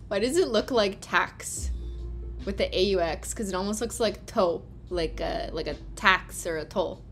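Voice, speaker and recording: A woman's voice: mid-range voice, a little slow, faint music behind. A woman hosting a casual livestream, chatting loosely, swearing often and laughing a lot. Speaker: livestream host.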